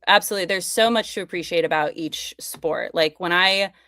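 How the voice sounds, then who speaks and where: Low-voiced chatty woman, podcast guest. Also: a little fast, bright, forceful tone, no room sound, studio quality. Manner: enthusiastic, chatty, many fillers. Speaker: podcast guest, fashion content creator. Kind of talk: casual conversation.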